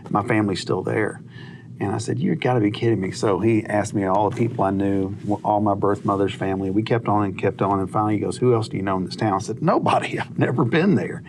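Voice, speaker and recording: A man who is a minister, telling a lively story on a TV talk show and acting out the dialogue. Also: fairly low pitch, fast, vocal fry, noisy background. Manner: animated anecdote-teller who acts out dialogue. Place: TV studio.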